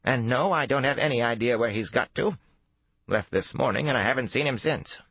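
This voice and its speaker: A man's voice: medium pitch, a little fast, husky, no room sound, highs cut off, pitched above the performer's own voice. A male narrator voicing an elderly, wary landlady who talks emphatically. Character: elderly wary woman landlady, fussy and fierce.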